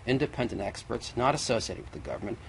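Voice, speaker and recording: A man's voice: mid-range voice, fast talker, vocal fry. Insistent man arguing point by point. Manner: insistent, argumentative, piling up evidence. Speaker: debate guest, lawyer. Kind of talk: televised debate. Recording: noisy 1960s TV broadcast.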